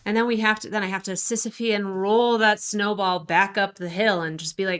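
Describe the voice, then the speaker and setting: A woman's voice: mid-range voice, fairly even intonation, moderate pace, fairly bright tone, smooth. A woman in her thirties co-hosting a podcast, chatting candidly and self-deprecatingly about her writing doubts. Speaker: podcast co-host. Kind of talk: casual chat.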